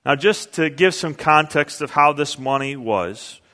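A man's voice: fairly high pitch, lively intonation, unhurried, bright, forceful tone. A man preaching a sermon in an earnest, conversational way, reading scripture and explaining it. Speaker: pastor. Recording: long hall reverb.

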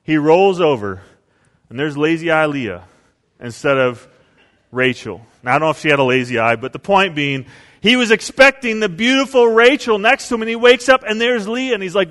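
A male pastor preaching a sermon, telling stories and acting out quotes with big swings in pitch and volume. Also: lively intonation, normal speed, a bit bright, big-room sound.

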